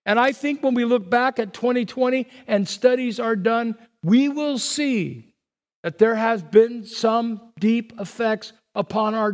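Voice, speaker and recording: A male pastor delivers a sermon in a strikingly high voice. He talks earnestly and conversationally, leaning on repeated phrases for emphasis. His voice trails off into a long, echoing reverb.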